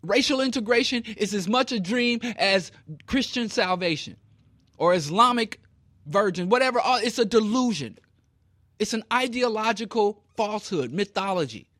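A man's voice: sits high, expressive, moderate pace, a bit bright, no room sound, studio quality. A man from Kansas City giving an impassioned talk, emphatic and preachy, with rhetorical questions. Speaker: speaker.

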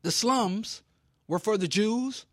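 Emphatic high-voiced man lecturing. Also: slow pace, a bit bright, no room sound, studio quality. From Kansas City, US. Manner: emphatic, preachy, rhetorical questions. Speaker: speaker. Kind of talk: impassioned talk.

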